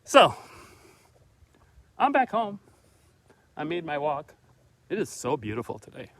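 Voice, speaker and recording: Holding his phone camera as he walks and later stands at his front door, a middle-aged vlogger speaks earnestly, a touch preachily, directly to his viewers in a casual motivational monologue. His fairly bright voice is a little high, unhurried, and swings widely in pitch.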